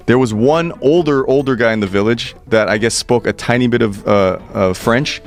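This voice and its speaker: A man telling a personal story in an animated, excitable way, swearing freely and restarting his sentences. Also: medium pitch, normal speed, gravelly, faint music behind. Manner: profane, excitable, stammering restarts.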